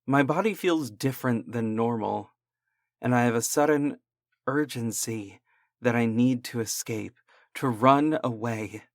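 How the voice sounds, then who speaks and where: A man narrating a horror story in a slow, deliberate, dramatic way. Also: medium pitch, no room sound, studio quality.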